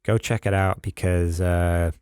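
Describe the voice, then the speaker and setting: A man's voice: sits low, fairly even intonation, a little slow, darkish tone, clear, resonant tone, dry recording, clean studio sound. A young man hosting a casual gaming podcast, rambling with lots of fillers and laughs. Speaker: podcast host.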